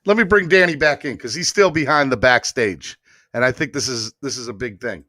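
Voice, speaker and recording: A man hosting a casual live sports podcast, excitable and emotional, talking with many fillers and restarts. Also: medium pitch, fairly quick, dry recording, studio quality. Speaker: podcast host. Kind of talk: casual live-stream chat.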